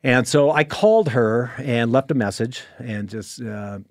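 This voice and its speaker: A man's voice: mid-range voice, a little slow, no echo, studio quality. An older retired man, a podcast guest, telling a long story in a casual, rambling way, full of restarts and quoted dialogue.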